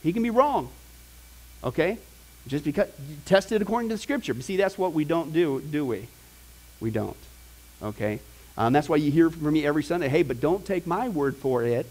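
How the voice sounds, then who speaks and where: Middle-aged male Bible teacher, high-pitched, animated and conversational, mimics the people he quotes. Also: moderate pace, rough recording.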